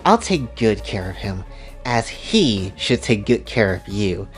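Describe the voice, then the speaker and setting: A man's voice: lowish voice, sing-song, slow pace, faint music behind. A man voicing a scheming female villain who craves despair, speaking in a smug, commanding way in a casual retelling of a story.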